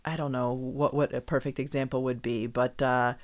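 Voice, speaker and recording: A woman's voice: very deep voice, flat delivery, moderate pace. A woman co-hosting a podcast, teasing her partner in casual chat and laughing often as she talks. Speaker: podcast co-host.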